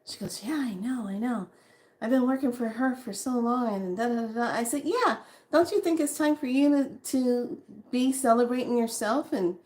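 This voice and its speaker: A woman's voice: medium pitch, creaky. A woman chatting casually to her viewers, telling a long story and quoting the people she met. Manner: chatty, laughs often, quotes others in voices. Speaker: spiritual vlogger.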